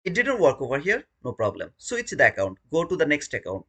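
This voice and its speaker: Bright-voiced man pleading at live charts. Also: a little high, huge pitch swings, a little fast. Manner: pleads and chants at the chart, scolds himself. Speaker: day trader streaming live. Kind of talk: live trading commentary.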